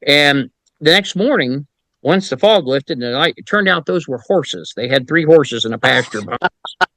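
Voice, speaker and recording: A man's voice: fairly high pitch, lively intonation, moderate pace, bright, forceful tone, dry recording, poor audio. A middle-aged man and paranormal investigator, guesting on a podcast and telling wry anecdotes in a casual way, with some mild swearing. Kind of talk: casual storytelling.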